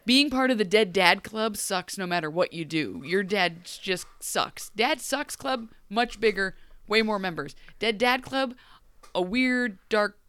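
A Midwestern American woman with a slightly raspy voice chats on a podcast about a TV episode. She is animated and sarcastic and acts out the lines of the characters she quotes. The recording is dry and close, and her tone comes through smooth and clear. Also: mid-range voice, a little slow, no room sound. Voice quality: raspy right now. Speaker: podcast co-host. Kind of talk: casual chat recapping a TV episode.

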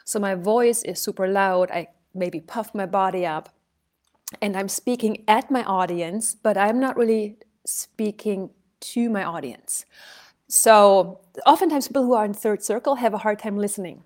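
Expressive woman speech coach telling a story. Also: medium pitch, a little slow. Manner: expressive storyteller, shifts loudness to illustrate points. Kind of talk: conversational coaching talk.

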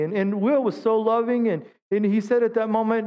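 A middle-aged man preaching a sermon as a pastor, telling humorous stories and acting out quotes in high voices. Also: brisk, few pauses, clean tone, in a large hall, dull audio. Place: church sanctuary.

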